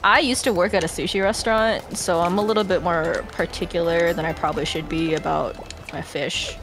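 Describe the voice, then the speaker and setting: A young woman chatting casually as a guest streamer while playing a game, excitable and quick to laugh and shriek. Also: lowish voice. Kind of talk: casual gameplay chat. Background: game music.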